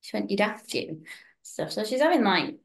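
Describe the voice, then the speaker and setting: A woman's voice: mid-range voice, normal speed, gravelly. A young woman telling stories in casual chat on a podcast. She acts out the people she quotes. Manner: animated storytelling, acting out quoted voices. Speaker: podcast co-host.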